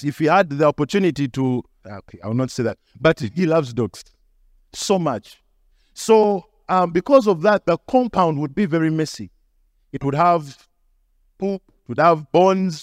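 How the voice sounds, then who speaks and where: A young male pastor preaches through a personal story, his high voice leaping up and down as he acts out each line. The sound is dry and close. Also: a little slow, dry recording. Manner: animated, acts out dialogue with shifting pitch. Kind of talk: storytelling sermon.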